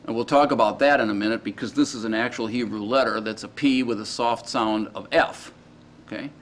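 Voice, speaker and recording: Brief: male teacher at mid pitch, informal lecture delivery with many fillers and check-ins, faint noise behind. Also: fairly even intonation. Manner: informal, halting, checks in with the class often. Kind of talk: classroom lecture.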